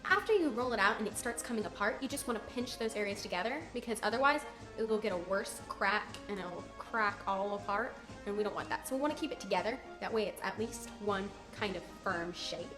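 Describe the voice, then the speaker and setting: A woman's voice: medium pitch, lively intonation, brisk, over music. Bubbly teen girl in an echoey kitchen. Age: teens. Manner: bubbly and joking, chatty asides. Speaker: cooking video host. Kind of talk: casual cooking tutorial.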